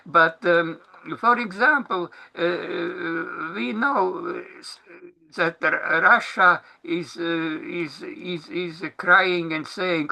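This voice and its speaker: A man speaking English as a second language, giving a halting solo talk full of fillers and restarts. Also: high voice, gravelly, sharp tone. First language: Latvian. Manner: hesitant, many fillers and restarts. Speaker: commentator.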